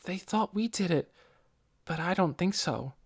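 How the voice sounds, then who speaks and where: A man's voice: high voice, expressive, a little slow, slightly rough, voice pushed up, heavily acted. A man narrating an audiobook voices an earnest young boy who shares news in a confiding way.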